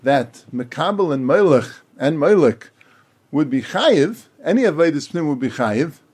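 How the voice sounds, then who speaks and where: A man giving a Talmud lecture, explaining quickly in run-on sentences and acting out the speakers he quotes. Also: a little high, very animated, darkish tone, husky. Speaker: Talmud teacher.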